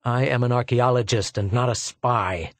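A man's voice: medium pitch, normal speed, dry recording, natural voice. A man reading a stubborn male archaeologist who speaks curtly and defiantly. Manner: curt, defiant.

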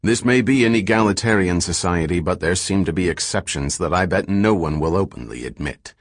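A man's voice: sits low, a little fast, no room sound, studio quality. A man playing an earnest, wry male scholar who gets insistent and exasperated, read in an audiobook. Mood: tired.

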